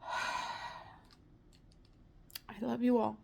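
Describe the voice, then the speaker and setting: Tearful woman vlogger, slow and halting. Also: on the high side, little pitch movement, vocal fry, darkish tone, a little hiss or hum. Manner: halting, broken phrases. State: tearful, choked up. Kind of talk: personal vlog to viewers.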